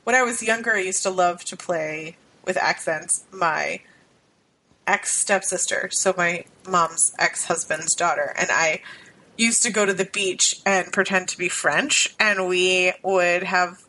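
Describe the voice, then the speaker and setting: A woman's voice: on the low side, fairly even intonation, a little slow, sharp tone. A woman co-hosting a podcast in casual chat, with a dry, wry sense of humor. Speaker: podcast co-host.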